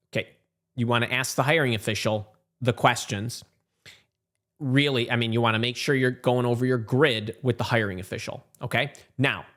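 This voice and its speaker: A career coach, a man, giving emphatic advice and repeating words for stress. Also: mid-range voice. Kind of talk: emphatic advice talk to camera.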